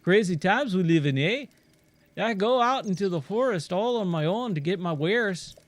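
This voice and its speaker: A man's voice: high-pitched, expressive, normal speed, no room sound, voice pushed up. A man voicing a chatty male traveling merchant in a jumbled mix of accents, with friendly sales patter. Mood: folksy. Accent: mixed put-on accent.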